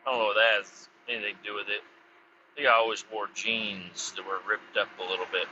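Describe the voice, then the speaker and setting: Outdoors beside a road, a podcast host with a mid-range, pushed and bright voice tells a meandering story casually, swearing often and correcting himself. The recording is slightly muffled and dull, with slight background noise.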